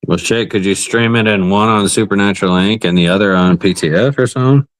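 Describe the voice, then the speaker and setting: A man's voice: fairly low pitch, quick pace, no echo. A man co-hosting a casual live stream, laid-back and blunt, swearing casually as he talks. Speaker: co-host.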